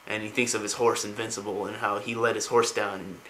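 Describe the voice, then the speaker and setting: A man's voice: on the low side, flat delivery, a little fast, sharp tone, a little hiss or hum, low-quality recording. A man casually retelling video game lore, rambling with many fillers.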